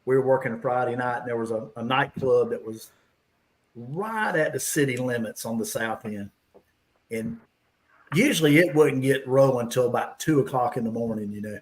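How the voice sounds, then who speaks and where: A man's voice: medium pitch, moderate pace, poor audio. A man hosting a casual hangout and telling rambling police stories, laughing as he goes. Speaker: host. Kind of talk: casual storytelling, police anecdotes.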